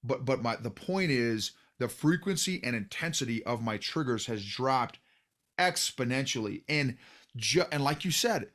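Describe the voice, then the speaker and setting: A middle-aged man hosts a casual podcast conversation. His voice is of ordinary pitch. He talks earnestly, often stumbling and starting his sentences again. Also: lively intonation, a little slow, a bit bright. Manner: earnest, with frequent restarts and stammers. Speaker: podcast host.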